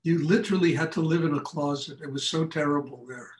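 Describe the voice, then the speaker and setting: A fairly high, fast-talking older man, a meditation teacher, speaks candidly and tells lively stories during a post-class lecture and Q&A. The recording is rough, with a roomy sound.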